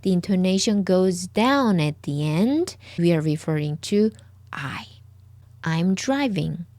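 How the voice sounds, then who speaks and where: A woman teaching a language lesson, speaking at an ordinary middle pitch. She goes slowly and patiently, repeating each new word several times for the listener. The sound is dry and close, with no room around it. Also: a little mellow, no room sound. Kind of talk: slow lesson, repeating words for the viewer.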